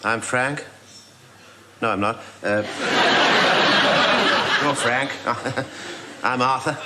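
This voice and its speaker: A genteel, diffident army sergeant, gently awkward and courteous. His pitch rises and falls freely as he fumbles politely, and a heavy hiss from an old television sitcom recording sits over the voice. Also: big pitch swings, very slow. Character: genteel, mild-mannered middle-aged army sergeant. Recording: noisy old TV sitcom audio.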